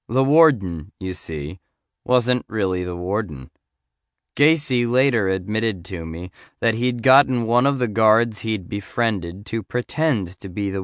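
Low, smooth male audiobook narrator. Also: a bit bright, dry recording, studio quality. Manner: measured, storytelling delivery. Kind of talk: first-person memoir narration.

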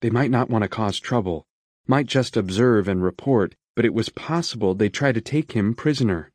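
A man reading an audiobook in a measured, steady storytelling manner on a close studio mic. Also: fairly low pitch, no room sound. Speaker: audiobook narrator. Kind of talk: scripted narration.

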